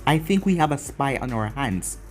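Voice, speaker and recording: A man voicing a scheming older male ninja elder in a measured, grave way. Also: medium pitch, animated, faint music behind, close to an everyday voice.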